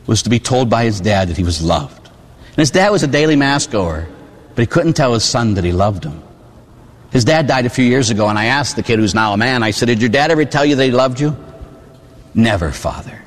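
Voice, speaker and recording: A priest in his forties from Pittsburgh, preaching a sermon with animated storytelling and asides to the congregation. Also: mid-range voice, a little fast, in a large hall. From Pittsburgh, USA. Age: 40s. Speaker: Catholic priest. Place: church.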